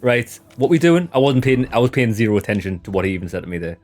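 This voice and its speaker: A man with a Sunderland accent giving casual commentary while playing a game, chatty and quick to laugh. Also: medium pitch, big pitch swings, a little mellow. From north-east England. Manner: chatty, laughing, mimics dialect. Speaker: gaming let's-player.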